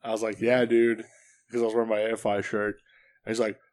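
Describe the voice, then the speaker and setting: A man's voice: on the low side, monotone, rapid-fire. A young man co-hosting a podcast in casual chat, enthusiastic and laid-back, with lots of swearing and slang. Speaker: podcast co-host.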